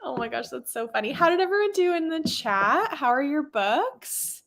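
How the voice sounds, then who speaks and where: A woman's voice: high-pitched, big pitch swings, normal speed, fairly bright tone. A young woman hosting a reading livestream, chatting casually, gushing and laughing often. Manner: bubbly, giggly, gushing. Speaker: booktube livestream host. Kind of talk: casual chat while reading chat messages.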